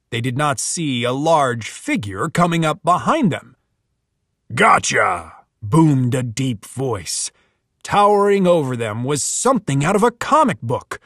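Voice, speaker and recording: Very expressive man reading a storybook. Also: a little high, dry recording, clean studio sound. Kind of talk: reading a children's storybook aloud.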